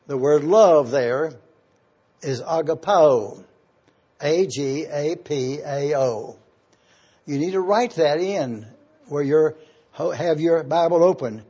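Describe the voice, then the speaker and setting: A male pastor teaching a sermon verse by verse, spelling out words slowly and deliberately. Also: a little high, animated, mellow, breathy edge, lo-fi sound.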